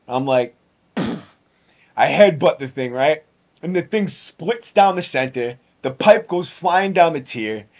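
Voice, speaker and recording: A man hosting a podcast, telling his prison stories in a casual, profane, animated way and acting out other people's lines. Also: on the high side. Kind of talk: casual storytelling monologue.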